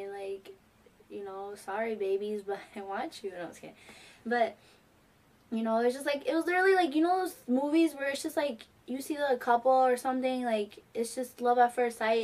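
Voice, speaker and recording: Teen girl vlogger, high-ish voice, gushing and rambling, casual story. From New York. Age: teens. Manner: gushing, rambling, many fillers. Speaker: fan vlogger.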